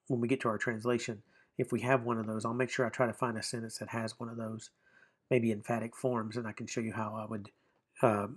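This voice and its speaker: A man gives a recorded online grammar lesson in a mid-range voice. He explains patiently and step by step, often restating a point before moving on. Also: medium pitch. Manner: explanatory, repeats and rephrases himself with fillers. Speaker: Greek grammar teacher.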